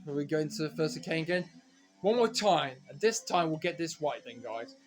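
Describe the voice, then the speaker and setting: A man giving rambling, self-correcting commentary while playing a racing game, now and then breaking into frustrated shouts. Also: fairly high pitch, normal speed, faint music behind. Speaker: gaming commentator. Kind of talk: casual let's-play commentary.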